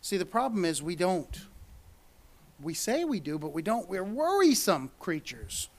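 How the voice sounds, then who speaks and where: High-voiced man preaching. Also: big pitch swings, unhurried. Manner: earnest, repeats words, rises for emphasis. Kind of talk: sermon with scripture reading.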